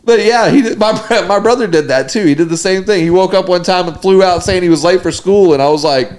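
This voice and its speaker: A man's voice: sits high, quick pace, few pauses. A man, co-hosting a podcast and telling a story in casual chat, acting out the voices of the people in it. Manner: animated, mimics voices in stories. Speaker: podcast co-host.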